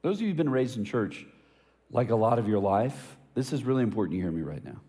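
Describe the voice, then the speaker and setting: A man's voice: medium pitch, expressive, quick pace, dark tone, in a large hall. A man preaching a sermon as a pastor, telling casual stories with jokes and asking emphatic questions. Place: church hall.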